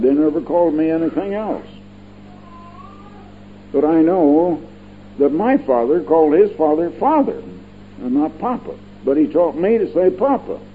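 An older man preaching a Bible-teaching sermon in a folksy, digressive way, repeating words for emphasis. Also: on the high side. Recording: tinny lo-fi radio broadcast with faint hum.

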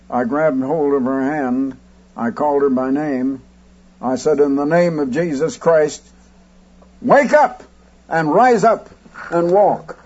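A man preaching as he recounts a story, rambling with fillers and bursting loud when he quotes a shout. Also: a little high, slightly rough, highs cut off. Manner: rambling anecdotal telling with fillers. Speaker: radio preacher. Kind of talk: storytelling sermon.

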